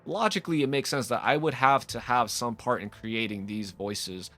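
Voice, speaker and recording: A gaming video host rambling through a profane, off-the-cuff rant, often breaking off mid-sentence. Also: male voice, medium pitch, moderate pace, a bit bright. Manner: rambling, profane, frequent self-interruptions. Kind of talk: casual off-the-cuff rant to camera.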